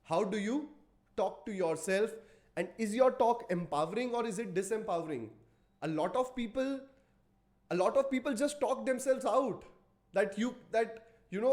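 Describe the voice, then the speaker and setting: A man's voice: sits high, normal speed, darkish tone. A man hosting a motivational podcast, speaking emphatically, repeating key phrases and putting rhetorical questions to his listeners. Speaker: podcast host. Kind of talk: motivational talk.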